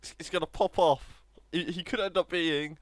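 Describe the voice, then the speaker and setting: A young man commentating on his own football video game match, laughing often and excitable. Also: on the high side, normal speed, dry recording. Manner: giggly, excitable, laughs between lines. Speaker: gaming streamer.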